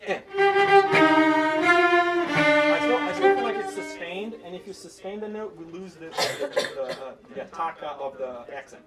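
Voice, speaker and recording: A man's voice: fairly high pitch, sing-song, moderate pace, fairly bright tone, soft background music. A man leading an orchestra rehearsal, giving instructions and singing the rhythms in syllables. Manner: sings rhythms in syllables while explaining. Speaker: orchestra conductor. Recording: distant voice with orchestra playing. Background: orchestra playing.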